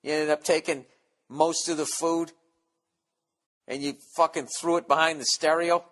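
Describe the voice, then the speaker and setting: A man's voice: fairly high pitch, little pitch movement, moderate pace, fairly bright tone. Profane ranting man in his forties. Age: 40s. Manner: profane, rambling, sarcastic ranting. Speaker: podcast host. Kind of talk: casual comedic monologue.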